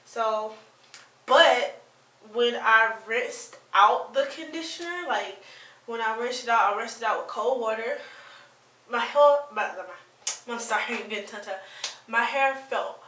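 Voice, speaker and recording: A woman's voice: a little high, a little slow, sharp tone, echoey room, recorded from a distance, a little hiss or hum, low-quality recording. A woman vlogger giving a casual, rambling product review with plenty of fillers and restarts. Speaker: beauty vlogger.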